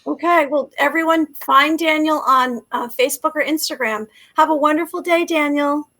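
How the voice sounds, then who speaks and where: A woman's voice: high voice, normal speed, bright, forceful tone. A woman hosting a talk show, effusive and grateful, with many fillers as she wraps up. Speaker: host.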